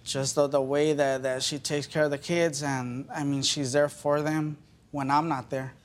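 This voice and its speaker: A man giving halting, defensive testimony as a litigant in a TV courtroom. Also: fairly high pitch, level tone.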